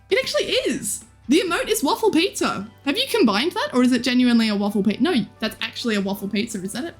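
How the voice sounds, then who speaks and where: A young woman in her twenties, live streaming and chatting casually with viewers in a bubbly, giggly, teasing way. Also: on the high side. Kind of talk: casual chat reading viewer comments.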